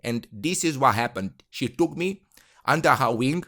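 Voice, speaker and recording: A Romanian podcast host playing a boastful man who talks in an exaggerated put-on Kenyan English accent, rambling earnestly with lots of halting fillers. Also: mid-range voice, animated, a bit bright, natural voice. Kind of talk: comedic monologue in character.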